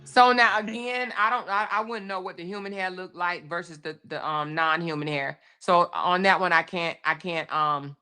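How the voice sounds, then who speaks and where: Emphatic woman host with a bright, forceful voice. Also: lowish voice, fairly even intonation, moderate pace, few pauses, clean tone. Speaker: commentary show host. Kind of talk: casual commentary on a viral video.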